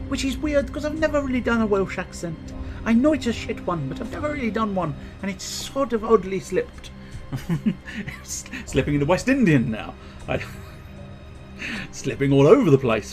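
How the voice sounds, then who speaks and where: A man's voice: high voice, sing-song, moderate pace. A man chatting casually while streaming a game, joking about his own character voices. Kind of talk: casual live game commentary. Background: game music.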